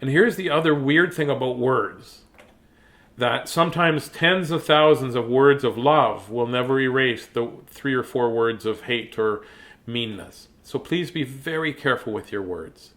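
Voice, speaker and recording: A man who hosts a children's reading show, speaking gently and earnestly to young viewers about kindness, with pauses and filler words. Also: medium pitch. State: choked up. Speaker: children's story reader and host. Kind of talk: reading aloud to kids, then heartfelt talk.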